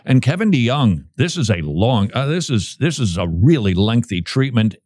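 A man's voice: mid-range voice, sing-song, normal speed, darkish tone, no room sound, studio quality. A man hosting talk radio, reading an article aloud and breaking off for playful jokes. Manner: playful, joking asides while reading aloud. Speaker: radio host. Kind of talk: casual talk radio commentary.

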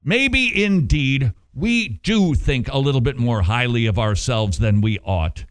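Animated male preacher. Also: mid-range voice, measured pace, clear, resonant tone. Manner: animated, with rhetorical questions and playful asides. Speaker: pastor. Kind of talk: sermon.

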